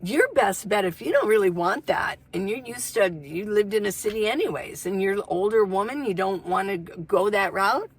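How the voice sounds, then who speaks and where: A woman's voice: mid-range voice, animated, moderate pace, hardly any pauses, breathy edge. An older woman vlogging about van life, chatting casually and telling stories in a folksy way. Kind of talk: casual chat to camera.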